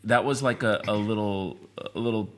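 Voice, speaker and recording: A man's voice: lowish voice, fairly even intonation, moderate pace, a bit bright. A man in his fifties, a podcast guest, talking reflectively in a rambling way with many restarts. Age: 50s. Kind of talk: casual interview talk.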